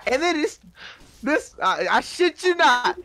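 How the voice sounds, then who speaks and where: A man in his twenties telling a rambling, profane story casually while gaming, breaking into loud, excited bursts. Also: very high voice, unhurried.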